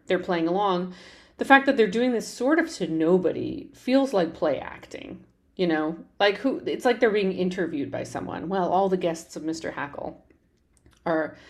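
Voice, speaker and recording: A woman podcast host talking through a show tune's lyrics in a conversational, explanatory way, with frequent fillers and restarts. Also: lowish voice. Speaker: podcast host analyzing a musical. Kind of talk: conversational analysis.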